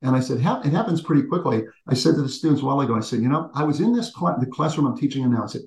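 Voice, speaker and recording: A man in his sixties, an executive and teacher, telling stories in an animated conversational way with frequent restarts. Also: medium pitch, very fast, reverberant, rough recording. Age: 60s. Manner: animated storyteller with frequent restarts, addresses the host by name. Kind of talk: conversational interview storytelling.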